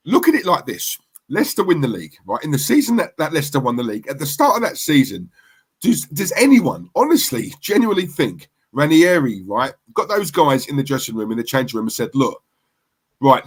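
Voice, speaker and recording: A man's voice: fairly high pitch, fairly bright tone, slightly rough. A man ranting to camera as a football fan vlogger, heated and emphatic, repeating himself for effect.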